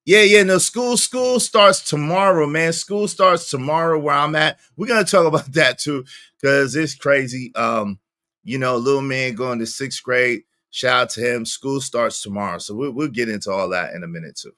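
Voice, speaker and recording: A man hosting a casual livestream, greeting viewers by name, with sudden jumps into squeaky high tones. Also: normal speed, bright, forceful tone. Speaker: livestream host.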